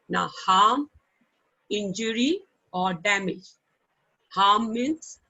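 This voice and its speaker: Slow, patient Indian English teacher. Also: female voice, on the high side, bright, forceful tone, rough recording. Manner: slow, patient, repeats words for children to copy; ends phrases with coaxing "okay?". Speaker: primary school English teacher. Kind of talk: online class teaching. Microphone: online call microphone.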